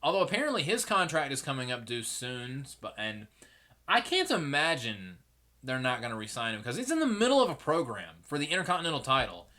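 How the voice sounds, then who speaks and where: A man's voice: medium pitch, big pitch swings, brisk, sharp tone. A young man hosting a solo podcast, giving rambling, opinionated commentary and swearing freely. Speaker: podcast host.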